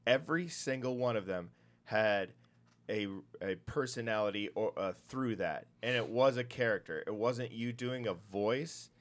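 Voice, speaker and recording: A man hosting an interview, asking rambling, halting questions filled with fillers. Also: on the low side. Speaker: podcast host.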